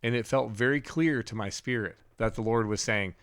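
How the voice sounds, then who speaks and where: A man telling a dream story on a podcast in an animated, casual way, full of "like" fillers. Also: medium pitch, moderate pace. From Denver area, USA. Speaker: podcast co-host.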